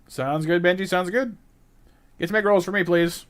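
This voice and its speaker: A man's voice: high-pitched, moderate pace, background noise. A man streaming a game, casually and cheerfully greeting viewers in chat. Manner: friendly greetings to chat, upbeat.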